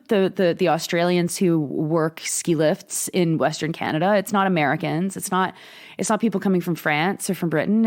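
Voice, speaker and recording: A woman co-hosting a political talk show, speaking in an impassioned, indignant way with many restarts. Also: on the low side. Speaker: podcast co-host. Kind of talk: casual political chat.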